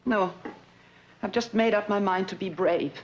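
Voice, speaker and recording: An actress playing an abandoned woman on the phone to her lover, halting and soft-spoken as she insists she is calm. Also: medium pitch, slight background noise, lightly acted. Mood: strained. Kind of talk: dramatic monologue, one side of a phone call. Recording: dull lo-fi recording.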